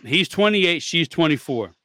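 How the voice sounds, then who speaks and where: A man's voice: a little high, lively intonation, normal speed, sharp tone, dry recording, studio quality. A man hosting a podcast, reading a forum post aloud in casual chat, blunt and swearing, stumbling over the text. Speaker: podcast host.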